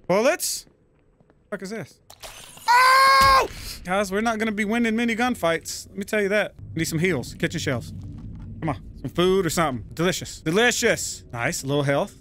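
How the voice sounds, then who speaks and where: A man giving casual, profane gameplay commentary, prone to loud excited outbursts. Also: sits high, brisk, background noise. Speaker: gaming YouTuber.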